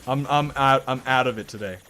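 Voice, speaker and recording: With slight background noise, a man with a mid-range, bright, forceful voice talks briskly while streaming gameplay. He rambles, cracks jokes and curses in casual live commentary despite a sore, strained throat. Often laughing, he pokes fun at himself.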